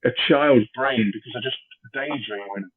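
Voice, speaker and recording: A man's voice: mid-range voice, moderate pace, breathy edge. Middle-aged man on a tinny line. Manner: frank, rambling, down-to-earth. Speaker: guest. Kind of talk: casual chat. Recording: tinny phone-like line with crowd noise.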